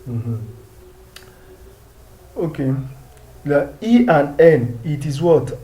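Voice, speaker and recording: A man's voice: fairly high pitch, animated, slow, pauses often, dark tone. A man from Nigeria teaching a video lesson, patiently repeating each sound and asking the viewer questions. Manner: asks the viewer questions and answers them. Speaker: French teacher.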